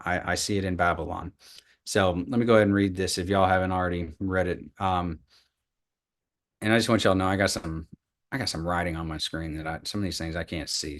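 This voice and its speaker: Halting man teaching scripture. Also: fairly low pitch. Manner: halting, repeats words, then reads scripture aloud with emphasis. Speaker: Torah study teacher. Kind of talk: live online Bible study lesson with slides.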